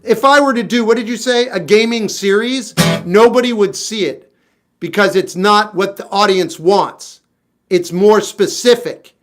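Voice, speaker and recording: Guitar playing fills the background as a man in his fifties, a singer-songwriter, responds to livestream comments in a casual, blunt and wry manner, tossing off his answers. He has a high voice and an unhurried delivery.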